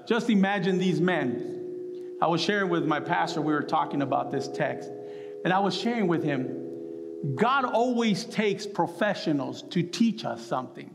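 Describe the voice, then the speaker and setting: A man preaching a sermon to a group of men, animated and acting out the voices of the people in his story. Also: fairly high pitch, normal speed, vocal fry, background noise. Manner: animated, acts out quotes with voice jumps. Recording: long reverb of a hall.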